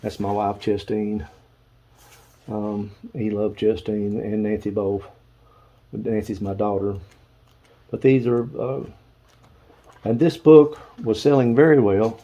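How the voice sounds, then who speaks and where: A man's voice: fairly low pitch, steady tone, takes it slowly, pauses often, warm tone, dull audio. An older man, casually showing photos and books, rambling and stopping to recall names. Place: dark room at home.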